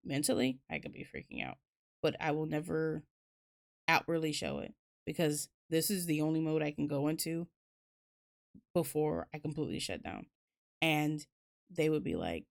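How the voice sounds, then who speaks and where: A woman's voice: sits low, lively intonation, normal speed, vocal fry. A woman streamer hosting a casual book talk, rambling candidly with lots of fillers and the odd swear word. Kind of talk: casual chat.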